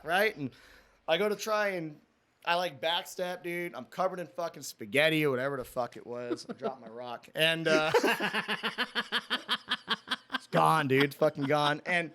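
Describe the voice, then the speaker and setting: Young male guest, slightly high voice, casual rambling storyteller, heavy swearing. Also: moderate pace, fairly bright tone. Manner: profane, rambling, says "dude" a lot. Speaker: podcast guest, former prison officer.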